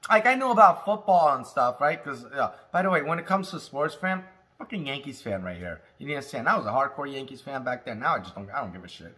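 Animated stoned man rambling, lots of swearing. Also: mid-range voice. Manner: rambling, profane, jokey, with laughs and smoker's coughs. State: high on cannabis. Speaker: cannabis review host. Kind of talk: casual stoned monologue.

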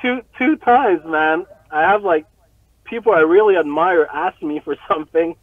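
A man telling a story as an interview guest, profane and animated, often breaking into laughter. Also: fairly high pitch, normal speed, no room sound. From Montreal. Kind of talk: casual storytelling. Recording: tinny phone-like line, very dry.

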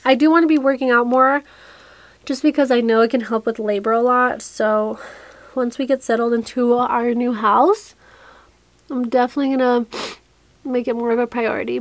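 A woman's voice: fairly high pitch, no echo. Breathless young woman chatting on camera. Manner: rambling, breathless, restarts often. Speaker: vlogger. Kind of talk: chatty get-ready-with-me vlog. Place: small cluttered room indoors.

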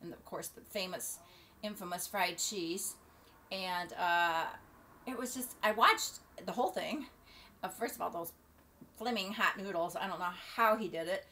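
A middle-aged woman vlogging casually, rambling and halting with many fillers and restarts. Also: fairly low pitch, bright, forceful tone, slight background noise. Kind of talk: casual opinion vlog. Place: at home near the beach.

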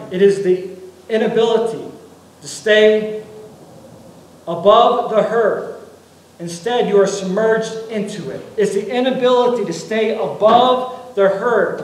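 A man's voice: sits high, measured pace, very echoey, distant mic, low-quality recording. A man preaching a sermon as pastor, earnest, repeating and restarting his phrases as he builds his points. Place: church sanctuary.

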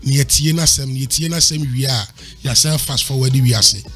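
A man's voice: mid-range voice, normal speed, a bit bright, husky, faint music behind. A man making an emphatic argument on a panel, lecturing and repeating his points for emphasis while mixing Twi and English. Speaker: panel commentator.

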